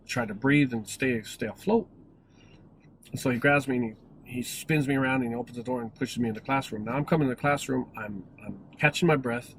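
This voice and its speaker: A man's voice: mid-range voice, a little hiss or hum, poor audio. A man in his forties telling a personal story in a casual, rambling way, with many restarts and self-corrections. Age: 40s. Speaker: vlogger.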